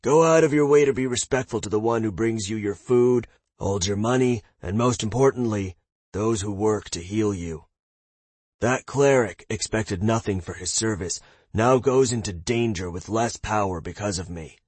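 A genial older adventurer gives fatherly lessons in a fantasy storybook, voiced by a man reading it. He speaks a touch higher than the narration, and the sound is dry and close. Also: moderate pace, darkish tone, breathy edge, dry recording. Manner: fatherly, lecturing, calls others lad. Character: genial older male adventurer, wise and generous.

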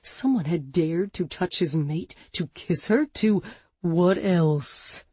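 Husky woman narrating an audiobook. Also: lowish voice, a little slow, no echo. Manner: expressive, dramatic reading. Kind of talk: scripted narration.

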